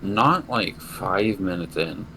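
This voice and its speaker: Taking his time, a young podcast co-host with a very deep voice tells a long, wandering tale in a casual setting. He curses without restraint over a steady layer of background noise.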